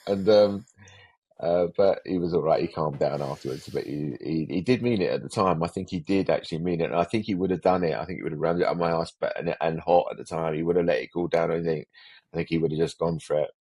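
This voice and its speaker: A man's voice: low-pitched, quick pace, mellow, slightly rough, no echo. An older man, a special effects veteran rambling through anecdotes as a podcast guest, often restarting sentences. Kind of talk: casual podcast interview.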